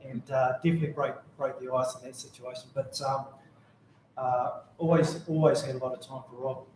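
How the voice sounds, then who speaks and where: A man with a New Zealand accent shares rambling, humorous stories in a memorial speech. His voice sits at a middle pitch for a man. The recording is very echoey, with a faint hum of ambience behind him. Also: fairly even intonation, brisk, a little mellow. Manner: rambling, jokey anecdotes. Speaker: mourner giving a tribute. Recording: very echoey room.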